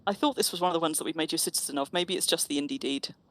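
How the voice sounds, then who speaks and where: A woman's voice: low voice, very fast, a bit bright. A woman chatting casually and teasingly while streaming an online game. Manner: chatty, teasing, restarts phrases. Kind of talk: casual gaming chat.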